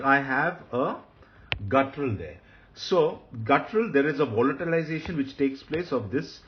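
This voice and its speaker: A man giving a recorded grammar lesson, explaining step by step and repeating each term slowly. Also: mid-range voice. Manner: methodical, repeats terms slowly. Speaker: Hebrew grammar teacher. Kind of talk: recorded lecture. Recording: dull lo-fi sound with faint hiss.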